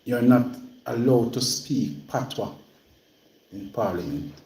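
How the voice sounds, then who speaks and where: A Jamaican man talks straight to his livestream viewers in a plain, repetitive way. His voice rings around a roomy space with a clear echo. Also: mid-range voice, takes it slowly, a little mellow. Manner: plain-spoken, repeats himself when stirred. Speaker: livestream host. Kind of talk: casual livestream talk.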